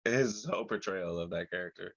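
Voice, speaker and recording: A man's voice: low voice, a little fast, highs cut off. A man co-hosting a casual comics podcast, chatting loosely and laughing easily. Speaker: podcast co-host. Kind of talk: casual chat.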